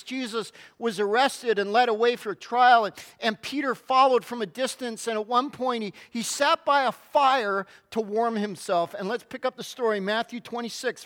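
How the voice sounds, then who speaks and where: High-voiced man preaching a sermon. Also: a bit bright. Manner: dramatic storytelling with emphatic pauses. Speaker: pastor.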